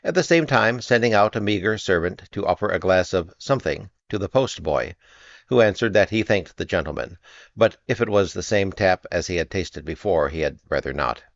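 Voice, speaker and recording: A man narrating an audiobook with measured, expressive storytelling. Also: deep voice, gravelly, no echo, muffled recording. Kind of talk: audiobook reading.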